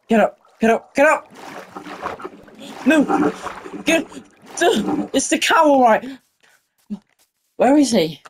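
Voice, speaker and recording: A woman giving casual, excitable commentary while playing a game and talking to the animals in it. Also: sits high, extremely slow, pauses often, a little hiss or hum. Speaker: gaming video creator.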